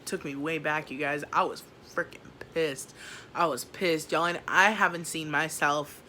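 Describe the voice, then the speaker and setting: A woman's voice: sits low, fairly even intonation, a little slow, pushed and bright, slight background noise. A young woman vlogger telling a story from her life in a casual, slangy way, acting out each scene as she goes. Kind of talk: storytime vlog.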